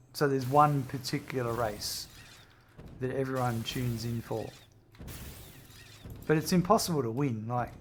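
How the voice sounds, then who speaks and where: A man's voice: medium pitch, a little mellow, slight background noise. A man chatting casually while he plays through a game tutorial, rambling and reading out viewer messages. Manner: rambling, reads out viewer chat. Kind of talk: casual chat while playing.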